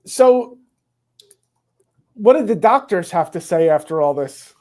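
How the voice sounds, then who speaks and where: A man interviewing a guest in casual conversation, quick and easygoing, sometimes tripping over his words. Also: high-pitched, lively intonation, darkish tone.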